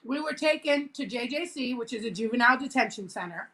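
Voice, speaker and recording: Woman vlogger, high clear bright voice, casual animated storytelling. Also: brisk. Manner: laughing, animated retelling with quoted voices.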